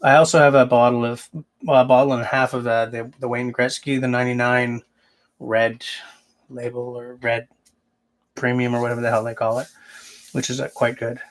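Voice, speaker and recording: A man's voice: mid-range voice, little pitch movement, moderate pace, long pauses. A man hosting a casual livestream, answering viewers and thinking aloud as he rambles. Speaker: livestream host.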